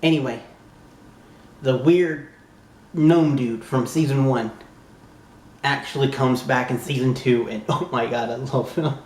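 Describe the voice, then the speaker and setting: In an echoey room, a young man from the American South speaks in an unhurried mid-range voice, pausing often. As a YouTube reviewer he talks casually, gushing and exclaiming like an excited fan and swearing without restraint.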